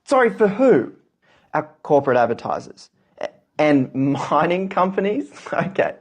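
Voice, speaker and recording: A man plays a flustered, stammering newsreader in a satirical comedy sketch, who keeps apologising in a mock-serious tone while speaking a little high. The delivery is sarcastic under a polite surface. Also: big pitch swings, a little slow, heavily acted. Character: flustered male news anchor in a comedy skit.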